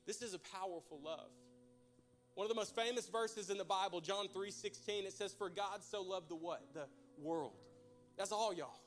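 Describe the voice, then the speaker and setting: A man's voice: high-pitched, normal speed, faint music behind. A young man preaching a folksy, joking sermon to his church. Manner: folksy, joking, addresses crowd as y'all. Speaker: pastor.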